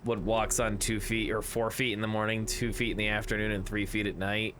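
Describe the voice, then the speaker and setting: A man's voice: fairly low pitch, level tone, brisk, background noise. A man streaming a video game, chatting casually and rambling through jokes while reading chat aloud.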